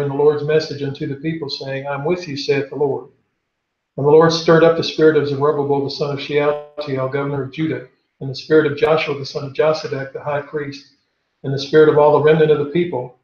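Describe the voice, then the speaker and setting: A man with a somewhat high voice leads a Bible class in an echoey room. He reads scripture aloud and then asks the class questions. The recording is dull and lo-fi.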